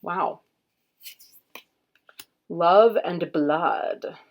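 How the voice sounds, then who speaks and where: Host read: woman, lowish voice, very slow, casual unboxing chat with quiet murmured asides. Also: dull audio. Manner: unhurried, murmurs card names aloud, admiring. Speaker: tarot reader and channel host.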